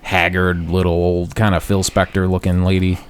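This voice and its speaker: A man's voice: sits low, monotone, moderate pace, slight background noise. A man co-hosting a podcast, telling a crude story in casual chat, swearing and laughing often. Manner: profane, laughing, acts out quoted voices loudly. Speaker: podcast co-host. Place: podcast studio.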